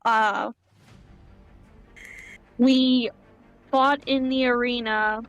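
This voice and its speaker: Slow, flat-voiced woman player. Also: fairly high pitch, highs cut off, faint music behind. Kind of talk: casual game chat.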